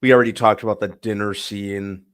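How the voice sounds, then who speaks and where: A man's voice: fairly low pitch, level tone, brisk, smooth, no room sound, studio quality. A man co-hosting a casual review chat, hesitant with many ums as he gathers his thoughts. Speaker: podcast co-host.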